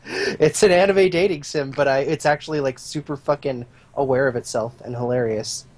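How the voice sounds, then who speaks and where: A man guesting on a casual gaming podcast, speaking in a middle-pitched voice. He is laid-back and chatty, and laughs at himself. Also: steady tone, normal speed, darkish tone. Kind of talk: casual chat.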